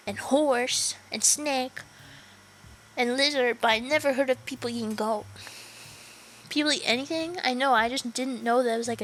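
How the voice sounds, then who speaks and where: A young woman streams a game and chats with her viewers in a high, bright voice. She giggles a lot and swears easily. A faint hum sits under her voice. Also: low-quality recording. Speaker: livestreamer. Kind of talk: casual gaming livestream chat.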